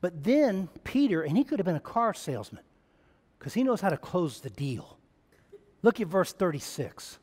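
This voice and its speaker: A male pastor preaching a sermon in a church, swinging between loud emphatic runs and hushed, quiet lines. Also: high voice, very animated, moderate pace. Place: church sanctuary. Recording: long reverb of a church hall.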